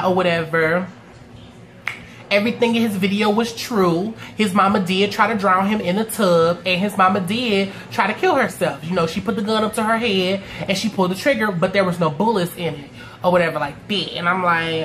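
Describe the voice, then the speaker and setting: A woman's voice: mid-range voice, normal speed, slight background noise. A woman recapping a TV episode in casual, profane talk, acting out the characters' lines. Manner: animated, acts out characters' lines in quotes. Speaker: TV recap reviewer.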